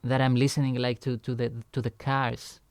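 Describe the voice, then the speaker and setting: A man's voice: medium pitch, level tone, normal speed, a little mellow, clean tone, no echo. A young man telling a rambling, casual story as he reacts to his own song, loose and full of fillers and swearing.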